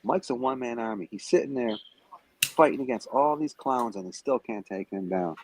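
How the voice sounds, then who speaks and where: A man's voice: mid-range voice, moderate pace, background noise. A man in a heated livestream rant, taunting and cursing at a rival, calling in remotely. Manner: profane, confrontational, taunting. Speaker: stream guest. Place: Las Vegas.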